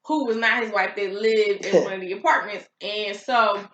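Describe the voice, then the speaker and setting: A woman's voice: medium pitch, moderate pace, a bit bright, lo-fi sound. A woman co-hosting a casual talk show, telling a family story with many fillers and asides. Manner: rambling, full of fillers and asides. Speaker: co-host. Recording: echoey, off-mic with faint noise.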